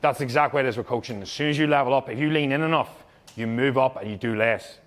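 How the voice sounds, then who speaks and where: A man's voice: mid-range voice, fast talker. A young man, a fitness coach, giving blunt, heavily profane, emphatic advice to fellow coaches.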